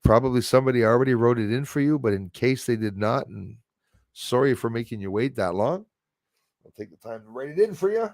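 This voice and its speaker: A man's voice: medium pitch, animated, fairly quick, a little mellow, dry recording, studio quality. A man hosting a livestream, rambling animatedly through viewer comments with many restarts and a tagged-on "eh?". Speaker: livestream host.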